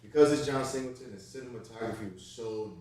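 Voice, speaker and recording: A man's voice: mid-range voice, fast talker, a little mellow, roomy sound. A man co-hosting a casual chat about TV shows, explaining in short clipped phrases.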